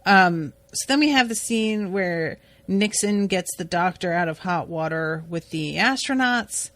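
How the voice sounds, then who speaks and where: Woman podcast co-host, unhurried casual recap, chatty with lots of fillers, close dry mic. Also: fairly low pitch, lively intonation, fairly bright tone, dry recording. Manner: chatty, swears, many "like" fillers. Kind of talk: casual episode recap chat.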